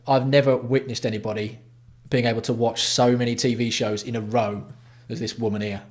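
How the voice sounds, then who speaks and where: An Englishman hosting a casual livestream, talking bluntly and swearing freely as he greets his viewers by name. His voice sits at an ordinary middle pitch for a man. He banters loosely with the chat between topics. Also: level tone, a little fast, hardly any pauses. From England. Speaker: livestream host.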